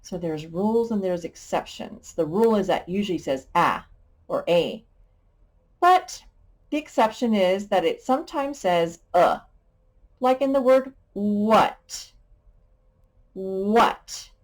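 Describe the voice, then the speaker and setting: A woman's voice: medium pitch, lively intonation, takes it slowly. A woman teacher giving a sight word lesson to young children, patient and playful, sounding out letters and adding little sound effects.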